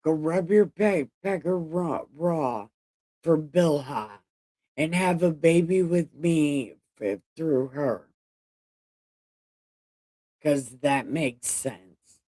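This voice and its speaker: A woman's voice: deep voice, very slow, long pauses, mellow, dry recording, heavily acted. Brief: a woman playing a blunt, scheming wife who speaks in crude, matter-of-fact mockery. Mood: mocking.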